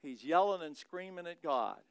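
A male pastor with a Midwestern American accent preaching a sermon, reading scripture dramatically and swinging from loud to hushed. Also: on the high side, expressive, moderate pace, vocal fry, clean tone, no room sound.

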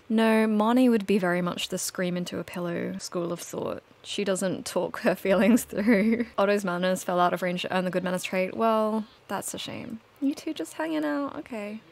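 A woman's voice: medium pitch, normal speed. Chatty woman narrating her gameplay. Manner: chatty, storytelling, laughs now and then. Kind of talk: casual let's-play narration.

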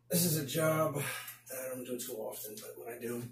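A man's voice: mid-range voice, a little hiss or hum. A man from the Bronx with a New York accent, chatting casually through a home DIY job and muttering to himself as he works. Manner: chatty, mutters to himself while working, mild exasperated exclamations. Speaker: DIY YouTuber. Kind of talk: casual DIY video commentary. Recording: echoey room.

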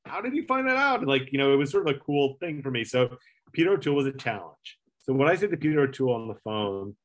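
Talking at a quick pace in a mid-range voice, a middle-aged former late-night segment producer spins a lengthy anecdote for a casual storytelling interview. He meanders, curses, fills gaps with filler words, and performs the quotes he recounts.

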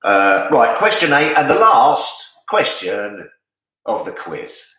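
A man hosting a casual charity pub quiz, chatty and jokey, reading the answers out slowly. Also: medium pitch, wildly swooping pitch, pushed and bright. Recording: echoey room.

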